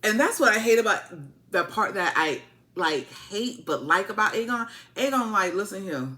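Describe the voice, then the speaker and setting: A woman giving a casual, animated, colloquial TV episode recap, repeating her points for emphasis. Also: medium pitch, moderate pace. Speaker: TV show reviewer.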